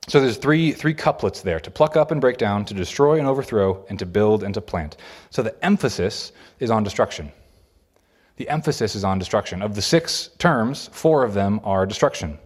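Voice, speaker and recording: A man's voice: on the low side, a little mellow. A man teaching a Bible lesson. He reads scripture aloud between explanations and repeats key phrases for emphasis.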